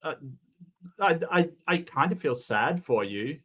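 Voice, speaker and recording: A man's voice: a little high, expressive, a little slow, fairly bright tone. A man giving sarcastic, mocking reaction commentary, often stumbling and restarting his sentences.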